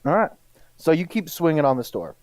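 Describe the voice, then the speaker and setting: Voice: medium pitch, very animated, a little fast, a little mellow, dry recording. A game master narrating a tabletop game in a casual manner, laughing and using fillers.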